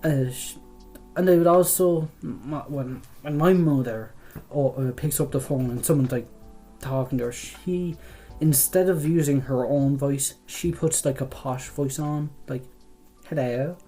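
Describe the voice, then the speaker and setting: A young man with an Irish accent talks his way through a quiz in a loose, rambling chat, swearing often and trailing off. His voice is mellow and warm, with faint music somewhere behind him. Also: on the high side, a little slow. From Ireland. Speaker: vlogger doing a quiz. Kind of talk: casual chat.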